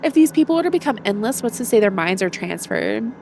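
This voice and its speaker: A woman's voice: medium pitch, sing-song, fast, vocal fry, a little mellow, slight background noise. A young woman streaming a video game, congested and chatting in a rambling way with her viewers. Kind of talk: casual let's-play commentary.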